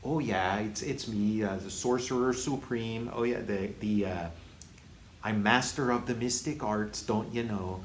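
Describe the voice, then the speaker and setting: A man's voice: on the low side, unhurried, echoey room, slight background noise, natural voice. A man putting on a smug, hammy folksy drawl in a mocking impression.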